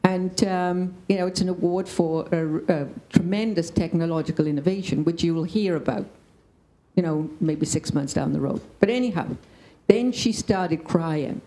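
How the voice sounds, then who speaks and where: A woman's voice: fairly low pitch, normal speed, mellow, rough recording. A woman speaking on a discussion panel, telling a story emphatically and checking in with "right?".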